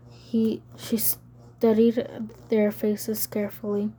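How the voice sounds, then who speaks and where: A woman reading a novel aloud as an audiobook narrator, measured and even. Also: medium pitch, breathy edge. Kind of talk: scripted narration.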